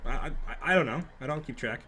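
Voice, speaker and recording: A man's voice: medium pitch, a little fast, a bit bright, slight background noise, natural voice. A man voicing a curious, polite male barrister who keeps stammering as he asks questions. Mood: puzzled.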